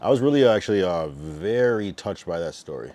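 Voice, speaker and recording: A man's voice: sits low, sing-song, fairly quick, a little mellow, no room sound. A man in his late thirties, a livestreamer rambling in casual chat, swearing and answering his chat.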